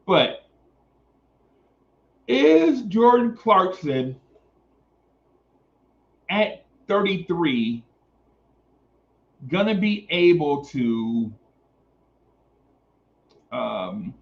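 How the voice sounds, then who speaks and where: A man's voice: on the high side, sing-song, extremely slow, gravelly, long pauses. A man hosting a casual sports talk stream, reading chat comments aloud and repeating phrases for emphasis. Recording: dull lo-fi stream audio.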